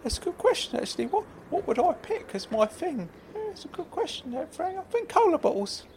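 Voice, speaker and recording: A man voicing a grown man with a squeaky, high-pitched silly voice in an audio sitcom, mild and stammering. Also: sing-song, brisk, darkish tone, a little hiss or hum, full character voice. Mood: placid. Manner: mild, stammering, good-natured.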